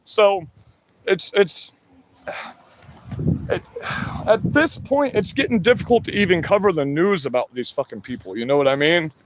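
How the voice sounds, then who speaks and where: High-voiced man ranting crudely. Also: animated, moderate pace, pauses often, noisy background. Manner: angry, crude, repetitive. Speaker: livestream host. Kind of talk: profane ranting commentary.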